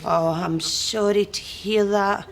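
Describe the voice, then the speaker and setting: A woman's voice: medium pitch, steady tone, slow pace, slight background noise. A performer with a Scottish accent playing a lonely, overeager female shopkeeper who pushes herself on a customer. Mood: clingy. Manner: overeager, pushy, needy.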